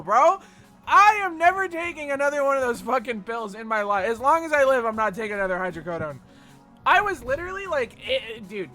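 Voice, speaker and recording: Lively, bright-voiced male streamer. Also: very high-pitched. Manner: rambling, profane and animated. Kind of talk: casual chat while gaming.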